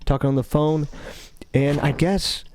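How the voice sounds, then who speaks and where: A man giving casual, rambling commentary over gameplay, talking slowly with a laid-back, self-interrupting, somewhat mumbled delivery. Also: fairly high pitch, steady tone, a little mellow, slight background noise. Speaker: gaming commentator.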